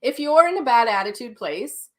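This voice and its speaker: A woman's voice: fairly high pitch, animated, moderate pace, fairly bright tone. A middle-aged woman hosting a casual live chat, blunt and self-mocking, with frank language as she reads viewer comments. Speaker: psychic medium hosting a daily live session.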